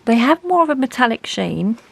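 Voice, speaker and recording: A woman's voice: fairly high pitch, sing-song, fairly quick, creaky, breathy edge, dry recording, rough recording. A woman, chatting casually and thinking aloud as she reviews art supplies.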